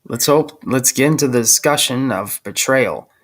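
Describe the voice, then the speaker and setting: A young man hosting a casual podcast chat, talking in a hesitant, halting way with frequent restarts. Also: medium pitch. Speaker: host.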